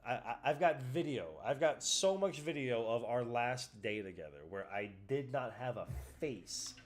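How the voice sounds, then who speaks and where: A man's voice: mid-range voice, expressive, normal speed, a little hiss or hum. A man chatting casually as a streamer, rambling and emotional, swearing a lot, close to tears. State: tearful. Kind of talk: casual chat.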